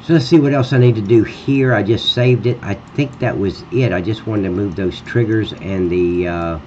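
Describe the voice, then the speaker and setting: A man's voice: lowish voice, moderate pace, darkish tone, highs cut off, slight background noise. A man livestreaming while he edits a game map, talking bluntly and cursing freely as he chats to viewers. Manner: blunt and profane, ranting at a critic. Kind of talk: live-stream chat while editing.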